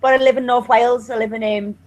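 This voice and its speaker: A woman with a Liverpool accent joins a casual voice chat, her voice somewhat high. She speaks in short, matter-of-fact remarks. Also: fairly even intonation, fast talker, darkish tone. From Liverpool, England.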